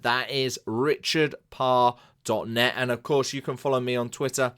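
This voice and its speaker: A man's voice: medium pitch, a bit bright, clean tone. A man hosting a sports podcast, giving a chatty, upbeat solo introduction. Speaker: podcast host and sports broadcaster.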